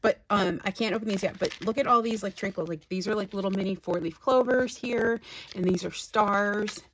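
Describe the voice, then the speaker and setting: A woman's voice: mid-range voice, moderate pace, fairly bright tone, slight background noise, low-quality recording. A woman craft vlogger chatting casually at home in her craft room, rambling and gushing as she unboxes gifts.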